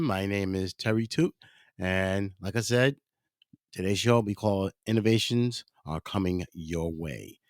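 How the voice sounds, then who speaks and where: A man's voice: low voice, measured pace, no echo, clean studio sound. A man hosting his own podcast, rambling casually and correcting himself as he talks to the listeners. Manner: rambling, self-correcting, addresses listeners as ladies and gentlemen. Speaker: podcast host. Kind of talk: casual solo podcast monologue.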